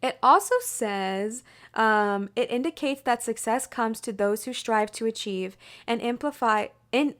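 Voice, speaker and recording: A young woman giving an excitable, gushing pick-a-card tarot reading in a chatty way. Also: on the high side, a little slow. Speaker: tarot reader.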